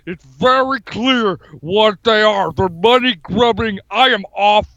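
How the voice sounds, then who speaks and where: A gruff, paranoid ex-wrestler turned politician who claims to live off the grid, as a man puts him on for a laugh. He rants in a high, profane bark and keeps circling back to the same boast. The sound is dull and lo-fi, with a dry close mic. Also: takes it slowly, pushed and bright, no room sound, exaggerated voice. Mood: gruff ranting. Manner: profane ranting, repeats himself. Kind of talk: comedic impression on a live stream.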